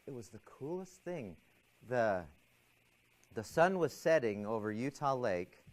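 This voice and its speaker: Telling his class a personal story, a lecturing man voices his own anxious thoughts alongside a calm inner voice. He speaks at a fairly low pitch, captured on a rough recording.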